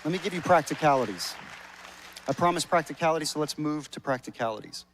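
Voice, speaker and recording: Male pastor, fairly high voice, casual joking sermon delivery with stumbling restarts. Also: expressive, fast, fairly bright tone, a faint crowd, a little hiss or hum. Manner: conversational and joking, repeats words when starting sentences. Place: church service.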